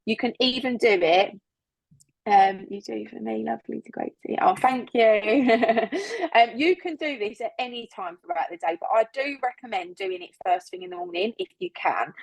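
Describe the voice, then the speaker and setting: Leading her team's training session over a video call, a woman keeps things casual, motivational, chatty and upbeat, laughing frequently and repeating words to stress them. Her fairly high voice has vocal fry and a moderate pace. The recording is dry and low in quality.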